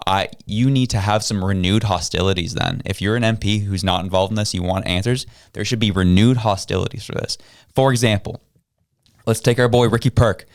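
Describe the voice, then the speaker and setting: A man's voice: fairly low pitch, no echo, studio quality. A male podcast host, giving heated, emphatic political opinions.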